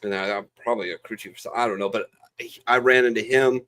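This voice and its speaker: A man's voice: fairly low pitch, steady tone, rapid-fire, fairly bright tone. A man, a veteran co-host, telling service stories in casual chat, profane and rambling with lots of fillers.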